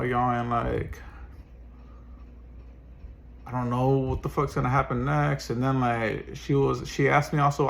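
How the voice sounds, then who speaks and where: A man's voice: medium pitch, creaky, fairly bright tone. A man venting in a personal vlog as a single dad, swearing often and sounding frustrated. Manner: profane, frustrated ranting.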